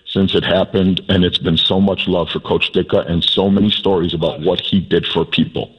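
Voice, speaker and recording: A man's voice: sits low, level tone, normal speed, husky. A man guest telling heartfelt, rambling stories in a casual radio interview, over a muffled broadcast sound. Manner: emotional, rambling, restarts a lot.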